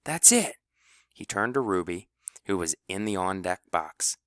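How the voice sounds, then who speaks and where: A man narrating an audiobook with expressive storytelling. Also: deep voice, moderate pace, clear, resonant tone, no room sound, clean studio sound.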